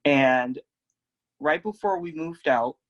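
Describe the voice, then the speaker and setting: A young man telling a personal story in a gentle, reflective, unhurried way. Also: a little high, dull audio. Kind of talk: personal oral history storytelling.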